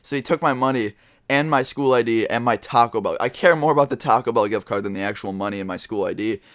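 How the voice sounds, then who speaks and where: A man's voice: mid-range voice, fast, a bit bright, no room sound, clean studio sound. Teen guy telling a rambling story. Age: teens. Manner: casual rambling with many fillers and swearing. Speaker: vlogger. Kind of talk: storytime vlog.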